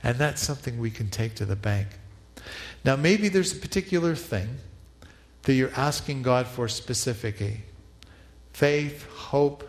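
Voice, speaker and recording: A male pastor gives an animated, reflective sermon, pausing to lead the congregation in repeated prayer. His pitch is typical for a man, and a long reverb suggests a large hall.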